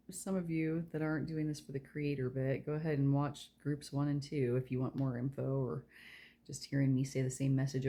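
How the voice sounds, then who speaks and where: A woman gives a casual pick-a-card tarot reading in a very deep, dark voice with vocal fry. Her delivery rambles and chats along, trailing off into fillers and soft laughs, and at times she speaks softly and quietly.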